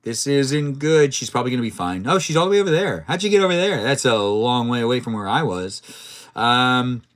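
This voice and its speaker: A man's voice: medium pitch, a bit bright. Playful chatty male game streamer. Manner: playful, chatty, reads chat aloud and reacts to the game. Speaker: live streamer. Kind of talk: casual gameplay live-stream chat.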